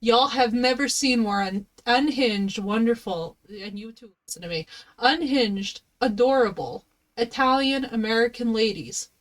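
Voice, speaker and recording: A woman streaming a game live, chatting playfully with her viewers and cooing at her dog. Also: a little high. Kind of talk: casual live-stream chat. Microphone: headset.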